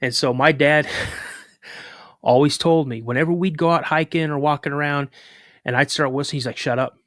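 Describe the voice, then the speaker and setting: A man who is a podcast guest, telling a story casually with lively retelling, filler words and restarts. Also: on the high side, moderate pace, no echo, studio quality.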